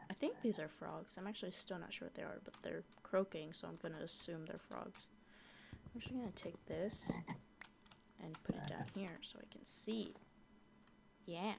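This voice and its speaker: A young woman chatting casually through a modded block-building game, easily scared and quick to shriek at monsters. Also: mid-range voice, gravelly, slight background noise. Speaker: gaming YouTuber. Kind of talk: casual gameplay commentary.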